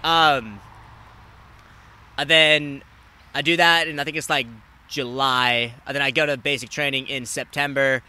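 Bright-voiced young man telling stories outdoors. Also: a little slow, pauses often, clean tone. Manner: animated, acts out quoted people with big jumps in pitch and loudness; swears casually. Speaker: podcast host. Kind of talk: casual storytelling chat.

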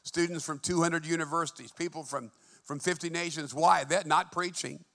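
A man preaching a fervent sermon in a church, moving between hushed and emphatic delivery. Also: a little high, fairly even intonation, moderate pace, vocal fry. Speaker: pastor.

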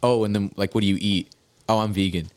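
Fast-talking young man rambling a story. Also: fairly low pitch, fairly even intonation, darkish tone. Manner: rambling storyteller, heavy swearing and slang. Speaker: podcast host. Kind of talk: casual podcast chat.

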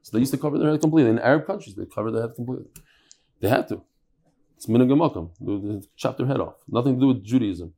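A man's voice: medium pitch, racing, creaky, dark tone. A man teaching a Talmud class, reading Aramaic lines and explaining them in English with jokes. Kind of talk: Gemara class explaining text.

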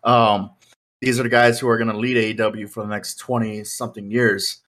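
A man's voice: on the low side, flat delivery, brisk, a bit bright. A man co-hosting a casual wrestling podcast, rambling with plenty of fillers. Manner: rambling, many fillers like "like" and "you know". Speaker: podcast co-host.

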